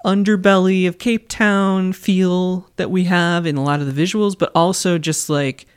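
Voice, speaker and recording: A man's voice: high-pitched, fairly even intonation, moderate pace, clear, resonant tone. A man co-hosting a podcast, discussing a film casually and hesitantly, searching for his words. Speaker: podcast co-host.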